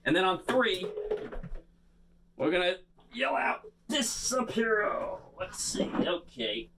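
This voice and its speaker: A man performing a bubble show for children, talking to them in playful, animated patter. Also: high-pitched, slow, heavy background noise. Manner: animated, playful, talks straight to kids.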